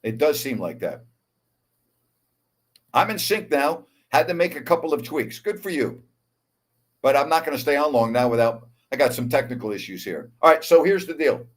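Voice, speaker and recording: A man in his sixties hosting a live sports talk show, wound up and excitable, calling game action and chatting while repeating himself. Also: medium pitch, moderate pace. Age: 60s. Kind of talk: live show, chat with calls of a basketball game.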